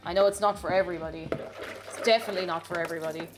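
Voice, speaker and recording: Over music, a woman with a lowish voice speaks in a steady tone and at a rapid-fire clip. She's a streamer baking at home in her kitchen, chatting casually, gushing over the food and reading out comments from viewers.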